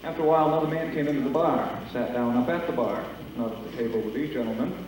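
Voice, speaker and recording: Brief: male emcee at a school talent show, deadpan long-form joke teller, mid-pitched voice, booming hall echo, heard from the back of the room. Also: fast, distant mic, a little hiss or hum. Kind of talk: stand-up joke telling. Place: school auditorium. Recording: echoey hall taped from afar.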